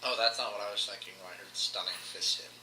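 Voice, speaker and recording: A man's voice: lowish voice, fast. A man playing a tabletop game, chatting casually and joking. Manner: joking and animated. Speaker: player. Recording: echoey room, background noise.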